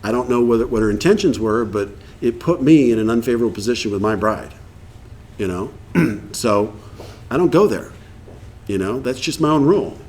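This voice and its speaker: A man's voice: mid-range voice, animated, moderate pace, a little mellow. Candid fiftyish man telling his story. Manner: candid, humorous, blunt; acts out quoted dialogue. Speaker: recovery meeting speaker. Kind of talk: casual storytelling talk to an audience.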